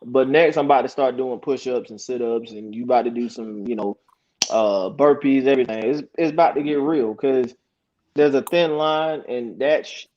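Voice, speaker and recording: A man's voice: mid-range voice, normal speed, darkish tone. Male panelist, thirties, blunt and emphatic, muffled lo-fi audio. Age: 30s. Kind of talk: casual panel talk.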